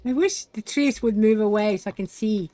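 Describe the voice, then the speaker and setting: A woman's voice: mid-range voice, moderate pace, warm tone, no echo. A young woman hosting a game play-through, chatting casually and muttering to herself as she builds. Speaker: gaming channel host. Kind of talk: casual let's-play commentary.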